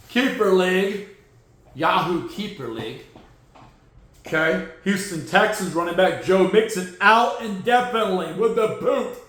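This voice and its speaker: A man hosting a casual football podcast, sarcastic and joking, jumping from loud outbursts to low mutters. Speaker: podcast host. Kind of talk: casual sports commentary. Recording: very echoey room.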